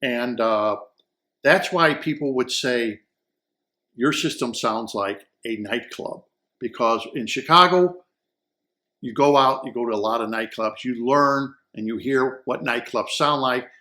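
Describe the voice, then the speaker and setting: A man's voice: medium pitch, a little slow, bright, forceful tone. A man giving a casual, enthusiastic audio gear review, rambling and repeating words as he searches for the right ones. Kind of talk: casual product review talk.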